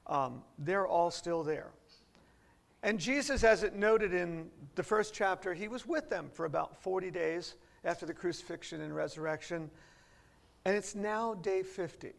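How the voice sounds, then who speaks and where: A man's voice: high voice, unhurried, gravelly. A man preaching an expository sermon to a seated congregation, explaining scripture step by step and posing rhetorical questions. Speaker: pastor. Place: church before a seated congregation.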